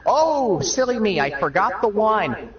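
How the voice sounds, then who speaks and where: A goofy young showman, as a man puts him on, gasping in mock surprise at his own tricks. The voice jumps up high and swoops all over, squeaky and theatrical. It sounds muffled and roomy, as if caught from across a room. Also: sing-song, unhurried, distant mic.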